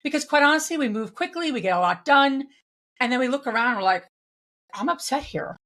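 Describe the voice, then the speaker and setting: A woman's voice: high voice, expressive, fast, a bit bright. A woman guest in a conversational interview, speaking reflectively with frequent restarts and fillers. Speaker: guest, real estate investor.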